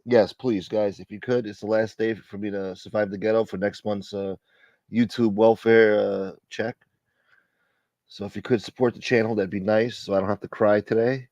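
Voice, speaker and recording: A man hosting a livestream as a mock preacher, loud, joking and animated, chatting casually to his viewers. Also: on the low side, normal speed, no echo, dull audio. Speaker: livestream host.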